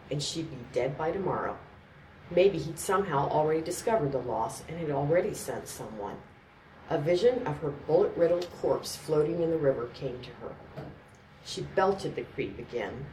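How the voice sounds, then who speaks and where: A woman with a notably low voice reads a story aloud in a steady, measured way. The mic sits some way off in an echoing room, with a faint background murmur. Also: a little hiss or hum. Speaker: narrator. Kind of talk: scripted narration. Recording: roomy, distant mic, faint ambience.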